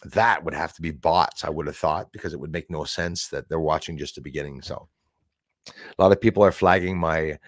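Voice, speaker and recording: A man's voice: extremely low pitch, fairly quick, no room sound, studio quality. A man hosting a casual live stream, rambling and greeting chat viewers by name.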